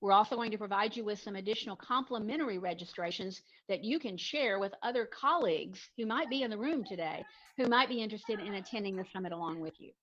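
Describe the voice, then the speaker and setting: A woman of middle pitch reads out a formal award announcement in an upbeat tone, then loosens up a little. The sound is slightly dull, as if lo-fi. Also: fast talker, fairly bright tone. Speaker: event presenter announcing an award. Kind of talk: reading a prepared announcement.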